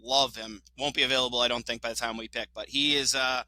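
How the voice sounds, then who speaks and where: A man co-hosting a casual sports podcast, talking with fast, excited opinions, laughing often and swearing now and then. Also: mid-range voice, low-quality recording. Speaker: podcast co-host.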